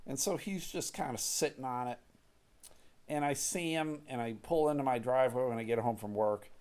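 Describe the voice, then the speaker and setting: A man's voice: medium pitch, normal speed, a little mellow, clear, resonant tone. A man in a casual, rambling monologue, joking and swearing freely as he tells a neighborhood story. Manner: profane, joking, self-mocking.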